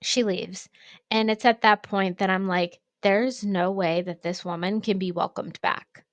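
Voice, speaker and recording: A young woman co-hosting a podcast, telling a story in a casual, animated way, acting out quotes and using lots of fillers. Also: medium pitch, a little slow, no echo. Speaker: podcast co-host, ceramics studio owner.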